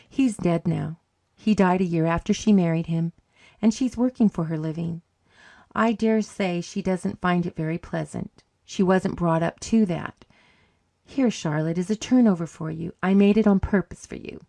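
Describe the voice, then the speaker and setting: A woman's voice: fairly low pitch, normal speed, vocal fry, darkish tone, dry recording, studio quality. A woman reading an audiobook, voicing a proud, bitter older lady who speaks grimly. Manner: grim and clipped.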